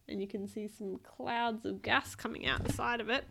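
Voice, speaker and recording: A woman, a parent, reading a picture book aloud to her child in a playful, animated way and describing the pictures. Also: medium pitch, fairly quick, creaky, few pauses.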